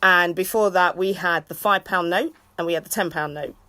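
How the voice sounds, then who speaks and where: A woman ranting casually on a livestream, swearing freely and breaking off for loud shout-outs to viewers. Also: fairly low pitch, normal speed. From England. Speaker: livestreaming vlogger. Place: outdoors in a city.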